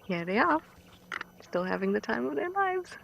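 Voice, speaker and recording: Gravelly-voiced woman half-whispering safari commentary. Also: fairly high pitch, very animated, normal speed, dull audio, slight background noise. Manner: soft and fond, drops to a whisper near the animals. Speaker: safari guide. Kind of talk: live wildlife commentary, partly whispered. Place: outdoors in a safari vehicle.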